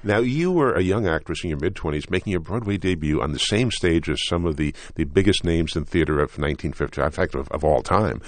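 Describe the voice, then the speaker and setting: A man interviewing a guest, asking calm, attentive questions. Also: low-pitched, a little fast, few pauses, no echo.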